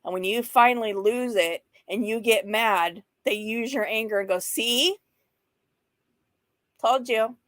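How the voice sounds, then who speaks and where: A woman's voice: medium pitch, normal speed, hardly any pauses, a bit bright, no room sound. A frank, chatty woman in her fifties talks her viewers through a mental health topic. She laughs often and drifts into playful asides. The sound is dry and close, with little room around it. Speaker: host of a mental health livestream. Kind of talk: casual talk reading slides and chatting with viewers.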